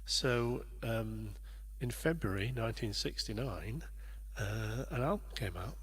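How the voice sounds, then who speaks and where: A man's voice: lowish voice, animated, measured pace, a bit bright, slightly rough. A man hosting a livestream, chatting casually and rambling a little as he greets viewers by name. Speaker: livestream host and performer.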